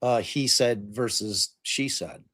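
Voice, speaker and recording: A man's voice: mid-range voice, slow, a bit bright. A man hosting a podcast in casual chat, rambling with lots of swearing, fillers and restarts. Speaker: podcast host.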